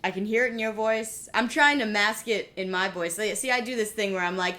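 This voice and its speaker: A young adult woman co-hosting a podcast in casual chat, with a dry, deadpan, sarcastic delivery. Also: medium pitch, brisk. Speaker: podcast co-host.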